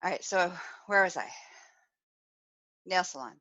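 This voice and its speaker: A woman's voice: lowish voice, unhurried, muffled recording. A woman hosting a live podcast, telling a story with lots of laughter and acted-out quoted voices. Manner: animated, laughs often, acts out quoted voices. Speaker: podcast host. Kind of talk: live-streamed storytelling chat.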